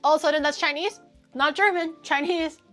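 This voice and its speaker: A woman hosting a casual livestream, talking to chat in an animated, ranting way and swearing freely. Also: high voice, fairly quick, faint music behind. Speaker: livestream host.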